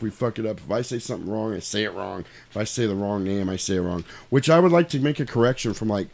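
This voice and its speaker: A man's voice: on the low side, a little mellow, slight background noise. Tipsy, rambling man hosting a podcast. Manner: loose, rambling, profane. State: a little tipsy. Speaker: podcast host. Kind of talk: casual chat.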